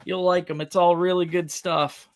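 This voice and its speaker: Chuckling live-stream auction host, high voice. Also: male voice, little pitch movement, moderate pace. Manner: repeats bids, chuckles often, greets viewers by name. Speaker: livestream host running a tackle auction.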